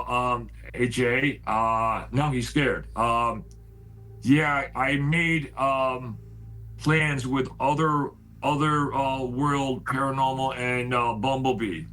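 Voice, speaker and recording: A man's voice: mid-range voice, bright, forceful tone, rough recording. A man telling a heated story on a video call. He talks casually, stacks up "I said" over and over, and swears when he gets worked up. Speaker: paranormal house owner telling a story.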